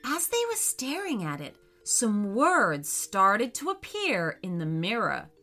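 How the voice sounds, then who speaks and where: A woman reading a children's story aloud, slowly and expressively. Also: faint music behind. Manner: slow, expressive reading with lively pitch.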